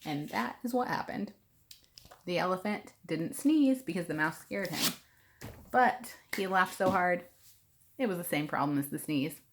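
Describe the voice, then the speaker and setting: A woman reading a picture book aloud for preschoolers in an expressive, sing-song way. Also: on the low side, a little slow, a little hiss or hum. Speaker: preschool storytime reader.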